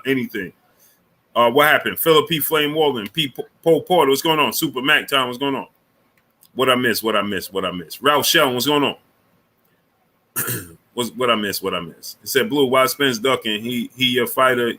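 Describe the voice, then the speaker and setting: A man with a very bright, sharp-edged voice hosts a casual sports livestream. He greets chatters one after another and leans on fillers and repeated phrases. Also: mid-range voice. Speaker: livestream sports show host. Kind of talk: casual live chat reading viewer names.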